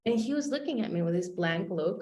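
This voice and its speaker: A middle-aged woman coaching trainer telling a personal story in a masterclass, animated and acting out the dialogue in shifting voices. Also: on the low side, brisk. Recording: roomy echo.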